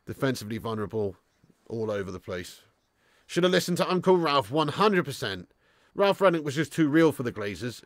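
A man hosting a live football watch-along, commentating as an excitable, swearing fan. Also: medium pitch, fairly quick, dry recording.

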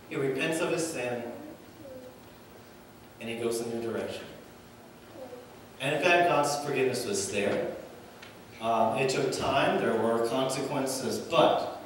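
A man's voice: medium pitch, a little hiss or hum. Man preaching in an echoey church. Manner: dramatic pauses, swells and drops in volume. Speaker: pastor. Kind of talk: sermon. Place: church sanctuary. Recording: echoey church hall from far off, faint ambience.

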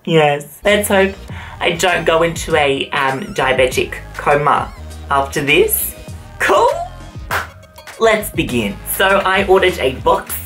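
An Australian man hosting a casual taste-test vlog, talking in an animated, theatrical and sassy way. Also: on the high side, slow, faint music behind. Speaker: YouTuber.

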